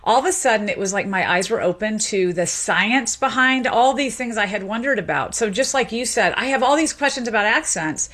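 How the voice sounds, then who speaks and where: A middle-aged woman from Memphis, a sociolinguist being interviewed, explaining in an animated way with small restarts. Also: on the high side, fairly quick, few pauses. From Memphis, Tennessee. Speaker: sociolinguist and professor, guest.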